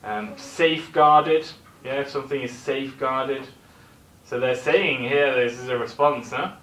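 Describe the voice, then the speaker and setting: A man teaches a classroom lesson with a bright, ringing tone. The recorder sits at a distance in an echoey room, and there is faint ambience behind him. He explains each word patiently and keeps checking in with his students. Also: mid-range voice, a little slow. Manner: explaining, checks in with tag questions. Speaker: English teacher.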